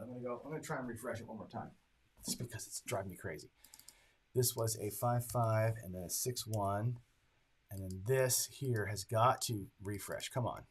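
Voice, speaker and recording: On this low-quality recording with a bit of background noise, a medium-pitched male craps strategy host runs a live stream. He chats casually, reading off dice rolls and tallying his wagers while addressing viewers in chat directly.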